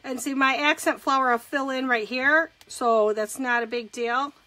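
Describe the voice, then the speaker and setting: A woman with a high-sitting, steady, pushed and bright voice speaks at a moderate pace on a dry, rough recording. She gives a chatty live crafting demonstration as a craft demonstrator and direct sales consultant, greeting viewers while covering each step.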